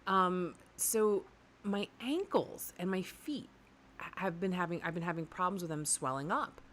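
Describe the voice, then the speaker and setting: A woman's voice: lowish voice, unhurried, a bit bright, slight background noise. A woman co-hosting a casual talk show, rambling with many fillers and restarts. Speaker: co-host. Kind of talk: casual chat.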